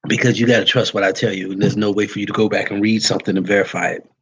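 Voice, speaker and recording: A man's voice: lowish voice, little pitch movement, racing, fairly bright tone, husky, poor audio. A man who is a Vodou priest, talking casually and plainly to his followers and calling them y'all. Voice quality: folksy and plain-spoken, uses y'all. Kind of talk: casual livestream talk to followers.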